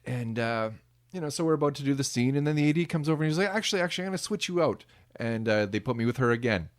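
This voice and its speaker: A man guest telling lively stories about his work as a background performer and acting out what people said. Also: mid-range voice, fast, clear, resonant tone. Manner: animated, acts out quoted voices. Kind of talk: casual interview storytelling.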